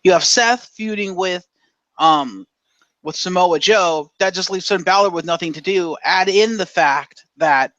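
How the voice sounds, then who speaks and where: A high, bright-voiced man argues about wrestling storylines on a casual podcast, animated and opinionated, swearing and acting out quotes. He sits close to a dry mic, with no room sound. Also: measured pace, dry recording. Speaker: podcast co-host.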